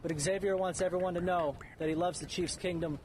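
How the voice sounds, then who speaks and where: A man, a lawyer, giving a measured, solemn statement outdoors, played as an archive clip. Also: high-pitched, fairly even intonation, a little mellow, a little hiss or hum. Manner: solemn, measured speech-making. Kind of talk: formal courtroom-steps speech.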